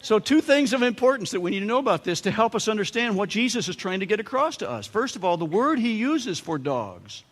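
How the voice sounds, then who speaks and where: A man's voice: sits high, big pitch swings, fairly quick, hardly any pauses, fairly bright tone, in a large hall. A man with an American accent preaching a sermon as pastor, telling humorous stories and putting on playful voices for quotes. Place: church sanctuary.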